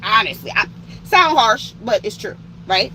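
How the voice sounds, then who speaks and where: A woman telling a story in an animated, profane way, acting out what each person said. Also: fairly high pitch, a little slow, a little hiss or hum. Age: older than 30. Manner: animated, profane, acts out quoted voices. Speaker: truck driver telling a story. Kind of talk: uncensored storytime.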